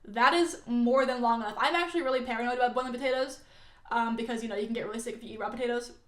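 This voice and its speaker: Young woman, sarcastic reaction host, slightly high voice, echoey room. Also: racing. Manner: chatty, exasperated, sarcastic. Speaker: content creator reacting to comments. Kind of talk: casual reaction commentary.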